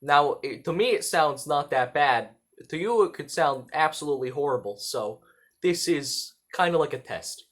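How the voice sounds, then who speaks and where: A man voicing a brash, pushy teenage boy in a put-on New York-style accent, loud and chummy. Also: fairly high pitch, animated, normal speed. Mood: playful.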